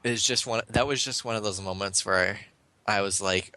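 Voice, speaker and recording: A man's voice: on the low side, normal speed, sharp tone. A young man interviewing over an online voice call, rambling eagerly with lots of ums. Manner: rambling, filler-heavy, eager fan.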